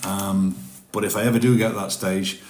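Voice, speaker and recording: A man's voice: deep voice, steady tone, normal speed, darkish tone, slight background noise. Rambling chatty man, roomy room. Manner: chatty, rambling, self-deprecating. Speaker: live streamer. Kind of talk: casual chat on a live stream. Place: his home, indoors.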